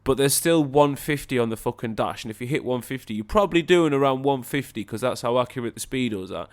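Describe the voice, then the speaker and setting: A man's voice: medium pitch, animated, quick pace. A man co-hosting a podcast, chatting casually in a blunt, sweary, argumentative way. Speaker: podcast co-host. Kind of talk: casual chat.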